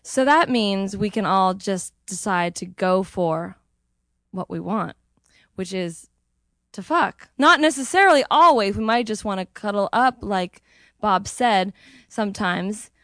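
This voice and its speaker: A woman hosts a live storytelling event in a chatty, loose way, full of fillers and light laughter. She speaks slowly, and her voice sounds close and dry. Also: mid-range voice, lively intonation, a bit bright, no room sound. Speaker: event host. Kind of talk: casual hosting chat.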